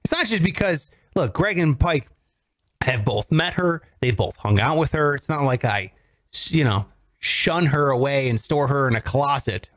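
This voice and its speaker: A man's voice: mid-range voice, expressive, moderate pace. A man in his thirties hosting a casual podcast, joking and teasing his co-hosts in banter. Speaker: podcast host.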